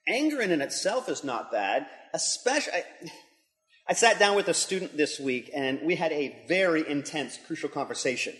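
A man's voice: a little high, very animated, normal speed, a bit bright. A middle-aged man, a pastor and school leader, giving an earnest devotional talk that builds to emphatic intensity. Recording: long hall reverb.

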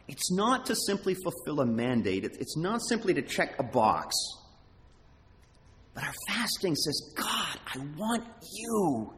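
Animated preacher in a reverberant hall. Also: male voice, medium pitch. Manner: animated, emphatic, halting restarts. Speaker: pastor. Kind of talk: sermon.

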